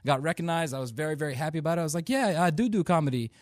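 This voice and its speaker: A man's voice: on the high side, expressive, rapid-fire, no room sound, studio quality. A young man from India performing a stand-up comedy routine, telling stories in a playful, self-deprecating way.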